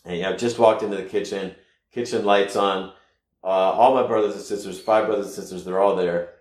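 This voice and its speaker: A man from the United States telling a personal story casually, rambling with halting restarts and sudden loud bursts. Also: low voice, fairly even intonation. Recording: echoey room.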